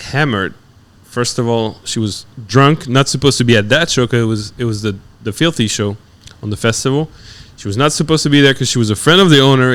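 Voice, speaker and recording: A man with a French accent, a guest comedian telling animated stories on a podcast and acting out other people's voices. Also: mid-range voice, clean tone. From France. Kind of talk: casual podcast storytelling.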